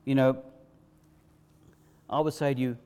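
A male pastor, preaching a sermon with emphatic repetition, swinging between loud bursts and quiet hushes. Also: medium pitch, flat delivery, measured pace, clean tone. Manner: preaching with rising, emphatic repetition and sudden drops to a hush.

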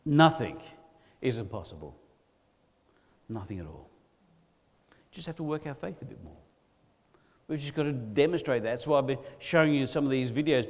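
Male preacher in a reverberant hall. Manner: swings between loud emphatic lines and low quiet ones. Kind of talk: sermon.

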